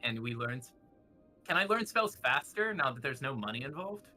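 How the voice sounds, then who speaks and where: A man's voice: mid-range voice, big pitch swings, normal speed, pushed and bright, soft background music. A man playing a tabletop game, joking and wheedling with the game master. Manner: playful and wheedling, laughs easily. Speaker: player.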